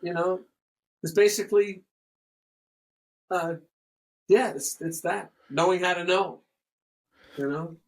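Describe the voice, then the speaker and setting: An older man chatting casually as an interview guest, rambling and halting with restarts, joking around. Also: high voice. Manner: rambling, halting, jokey, slips into playful accent impressions.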